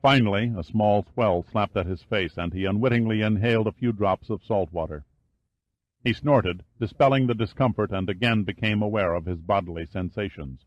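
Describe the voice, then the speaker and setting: A man narrating an audiobook in a measured, steady reading style. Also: on the low side, lo-fi sound. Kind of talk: scripted narration.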